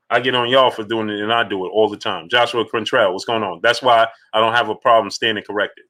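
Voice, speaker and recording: A man's voice: on the low side, bright, forceful tone. A man hosting a live boxing stream, greeting viewers in the chat by name and firing off rhetorical questions. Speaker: boxing livestream host.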